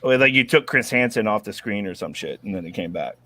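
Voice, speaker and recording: A man's voice: fairly low pitch, animated, fairly quick, bright, forceful tone. A man joining a livestream as a guest, chatting in loose, tipsy banter. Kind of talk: casual chat.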